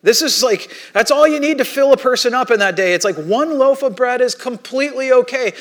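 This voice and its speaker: With an extremely high pitch and a brisk delivery, a pastor in his thirties preaches. His sermon is built on animated, conversational stories where he impersonates the quoted voices, and he frequently restarts his phrasing.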